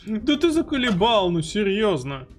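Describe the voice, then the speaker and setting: A man gives casual let's-play commentary and often mutters half to himself. His voice is fairly high. Game music plays faintly behind him. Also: sing-song, normal speed. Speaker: streamer.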